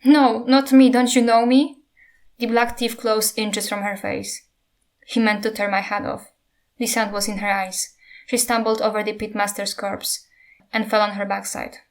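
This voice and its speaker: A woman reads a fantasy novel aloud, steady and unhurried. Her pitch sits in a middle range and barely moves, giving the passage a flat, even telling. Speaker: narrator.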